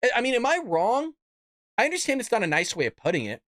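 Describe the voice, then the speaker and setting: A man's voice: very high-pitched, huge pitch swings, fast talker, a bit bright, dry recording, studio quality. A man hosting a political commentary show, ranting bluntly and cussing. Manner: blunt, fired-up, cusses. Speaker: host.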